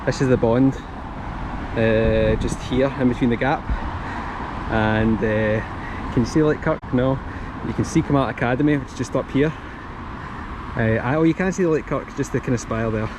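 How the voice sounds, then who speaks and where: A man's voice: medium pitch, moderate pace, pauses often. Chatty Scottish man on a street walk. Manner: chatty, jokey, quietly spoken. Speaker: streamer on a guided town walk. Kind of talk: casual walking tour, reading facts aloud. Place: outdoors in a town centre street. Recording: outdoor street noise, traffic.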